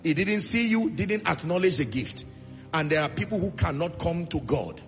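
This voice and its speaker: A man's voice: fairly high pitch, lively intonation, moderate pace, long reverb tail, soft background music. A Nigerian man preaching a sermon as pastor, emphatic and hammering repeated refrains.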